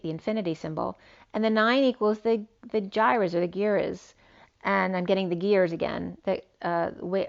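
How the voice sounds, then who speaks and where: A woman's voice: medium pitch, highs cut off. A woman giving a solo spiritual reading, rambling and free-associating from one idea to the next. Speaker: spiritual reader.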